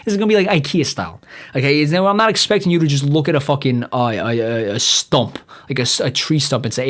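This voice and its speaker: A man's voice: a little high, fast talker, fairly bright tone. A young man from New hosting a podcast alone, ranting with lots of swearing, rambling and stumbling over his words. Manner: rambling, profane, stumbles and restarts often. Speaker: podcast host. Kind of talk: profane solo rant.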